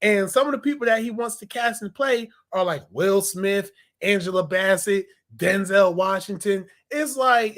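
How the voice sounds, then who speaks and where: A young man in a casual review vlog, animated and slangy, laughing as he retells scenes. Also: high-pitched, normal speed, few pauses. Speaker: TV episode reviewer.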